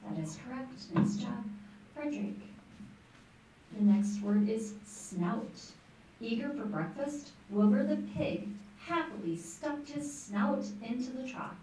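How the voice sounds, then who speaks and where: Woman reading out spelling bee words, warm and encouraging, echoey school room picked up from far away, bit of hiss. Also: fairly high pitch, lively intonation, takes it slowly. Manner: clear, encouraging, teacherly. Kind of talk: reading words and example sentences aloud. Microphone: distant microphone.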